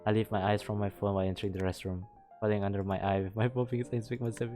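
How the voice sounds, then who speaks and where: Homem de voz grave lendo um jogo. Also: male voice, fairly low pitch, little pitch movement, fast talker, warm tone, faint music behind. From Malaysia. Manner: reads narration steadily, breaking off to laugh and comment. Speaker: VTuber streamer. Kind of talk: reading a visual novel aloud.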